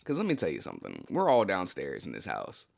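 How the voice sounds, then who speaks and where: A young adult man with a low voice, wildly swooping pitch, vocal fry and a slightly mellow tone talks fairly fast on his channel. He tells a personal story in a laid-back, slangy way, loaded with "like" and "you know."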